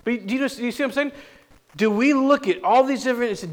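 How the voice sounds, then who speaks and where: Male pastor, high speaking voice, casual sermon delivery full of rhetorical questions. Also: fast. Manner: conversational preaching with rhetorical questions.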